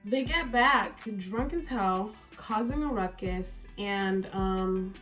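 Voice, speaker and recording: A woman telling a story in a get-ready-with-me vlog, animated and exasperated, with frequent swearing. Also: mid-range voice, slow pace, soft background music. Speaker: beauty vlogger.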